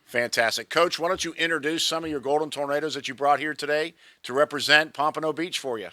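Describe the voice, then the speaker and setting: Chatty, bright-voiced male sports interviewer. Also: a little high, dry recording. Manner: chatty and joking, lots of quick follow-ups. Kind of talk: casual interview at a media day event.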